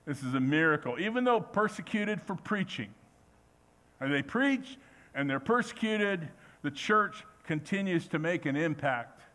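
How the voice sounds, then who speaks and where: Man, pastor, sermon, animated delivery, higher-pitched voice, acts out quotes. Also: a little slow. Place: church.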